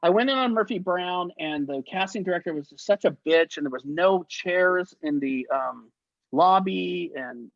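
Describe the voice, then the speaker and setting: A man telling show-business stories as an interview guest, in a lively way, acting out the voices he quotes. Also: high-pitched, normal speed, creaky, no echo. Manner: animated anecdotes, acts out quoted voices, laughs often. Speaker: guest, actor and effects artist. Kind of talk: casual storytelling interview. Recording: dull, lo-fi sound.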